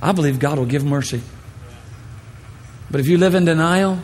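A man preaching a sermon, telling playful stories and acting out shouted voices. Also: a little high, normal speed, pauses often, in a large hall, slight background noise. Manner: animated, playful storytelling with shouted impressions. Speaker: pastor.

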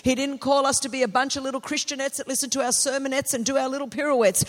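A middle-aged woman from Australia, a pastor preaching a sermon with personal stories, animated and building to passionate, shouted declarations. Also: sits high, quick pace, few pauses.

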